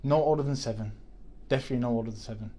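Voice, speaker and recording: A man's voice: mid-range voice, racing, dark tone, a little hiss or hum. A man, chatting on a podcast and telling a story with many restarts. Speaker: podcast co-host. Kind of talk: casual chat.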